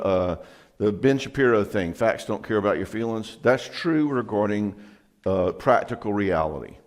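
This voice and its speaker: A middle-aged man with a fairly low voice gives a seminar talk as a counselor. He talks in an earnest, conversational way and often drops his voice for emphasis.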